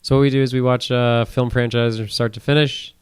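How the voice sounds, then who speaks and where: Man, mid-pitched voice, crude jokes, teasing podcast co-host. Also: steady tone, a little fast, clean tone. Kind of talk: casual comedic chat. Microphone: on the phone.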